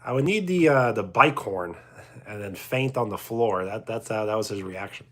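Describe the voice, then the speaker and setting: Husky streamer with a New York accent, unhurried chat banter, lively intonation. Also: male voice, on the low side. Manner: reads out and answers chat comments. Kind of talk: casual livestream chat.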